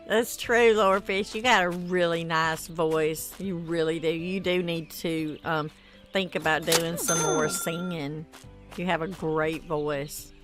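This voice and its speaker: A woman's voice: on the low side, fairly even intonation, slow, over music. A tired woman streaming a game, chatting casually and reading viewer comments aloud. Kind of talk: casual gameplay stream chat.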